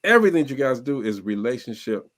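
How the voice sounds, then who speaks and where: A man co-hosting a live relationship chat in an even middle register. He talks in an animated, emphatic way, stacking repeated words to drive a point home. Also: mid-range voice, fast, no room sound, studio quality. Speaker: co-host. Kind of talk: casual panel chat.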